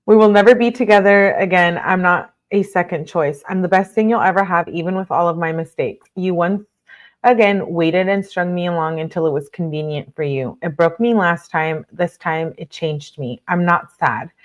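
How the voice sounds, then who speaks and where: A woman with a fairly low voice reads court documents aloud at a moderate pace while hosting a casual livestream. She repeatedly pauses to voice blunt outrage, peppering her speech with fillers.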